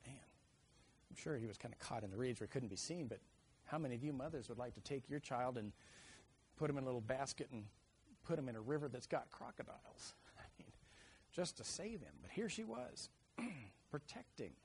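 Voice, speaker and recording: A middle-aged man delivers a sermon in a lively storytelling way, jumping into loud acted-out children's voices. His voice sits in an ordinary middle pitch. Faint background noise hangs under the recording. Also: brisk, pauses often. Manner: animated storyteller, acts out kids' shouts. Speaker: preacher.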